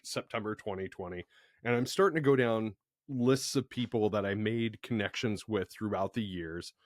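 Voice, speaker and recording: A man hosting a podcast, talking in a relaxed, conversational way and affirming his guest. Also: on the low side, dry recording, clean studio sound. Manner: expressive, affirming interjections. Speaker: podcast host. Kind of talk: conversational interview.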